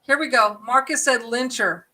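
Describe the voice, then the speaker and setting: Woman host, loose and jokey, high, bright tone. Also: normal speed, a little hiss or hum. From California, USA. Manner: loose, joking, swears casually. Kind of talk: casual live stream chat.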